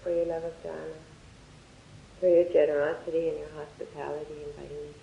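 A Dharma teacher giving a talk in a lively, anecdotal way and closing with a guided meditation. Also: medium pitch, quick pace, creaky, slight background noise. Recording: echoey, dull lo-fi room recording.

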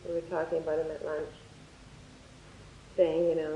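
A Dharma teacher giving a talk in a lively, anecdotal way and closing with a guided meditation. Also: mid-range voice, brisk, pauses often, a little hiss or hum. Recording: echoey, dull lo-fi room recording.

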